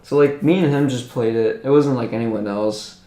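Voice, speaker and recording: A man's voice: mid-range voice, normal speed, dark tone. A young man co-hosting a podcast in casual chat, dropping short wisecracks and punchlines. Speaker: podcast co-host. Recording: echoey room.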